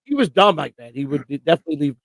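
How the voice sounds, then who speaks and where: A man's voice: fairly high pitch, big pitch swings, rapid-fire, vocal fry, no room sound. A man co-hosting a casual live stream, talking bluntly and profanely in long rants. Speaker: co-host.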